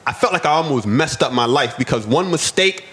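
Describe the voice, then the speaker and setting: A man's voice: medium pitch, lively intonation, a little fast, fairly bright tone. A man from the United States, a podcast guest, telling his own story earnestly and often repeating words as he goes. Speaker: podcast guest, restaurant owner. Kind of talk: personal storytelling.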